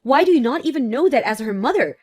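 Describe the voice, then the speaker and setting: Female reader for an indignant fiancée in a text story: firm, protective, steady. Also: sits high, fast talker, no room sound. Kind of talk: text-message story narration.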